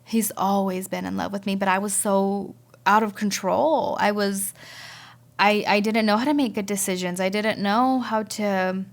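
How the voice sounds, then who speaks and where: A woman speaks as a podcast guest, sharing a personal testimony. Her voice has a gravelly, creaky edge and sits at a middling pitch. She talks haltingly and often repeats words as she works through her memories. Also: fairly even intonation.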